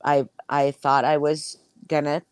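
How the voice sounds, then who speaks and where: A woman with a low voice recounts a story in loose, casual chat. She swears constantly and talks with lively, animated energy. The sound is dry and close. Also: a little slow, clean tone, no echo. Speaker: podcast host.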